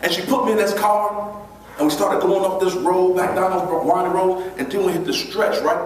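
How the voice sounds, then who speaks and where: A man giving a motivational keynote, telling a personal story in an animated way and acting out the voices in it. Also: sits high, normal speed. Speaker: motivational speaker. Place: large event hall. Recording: echoey hall from far off, faint noise.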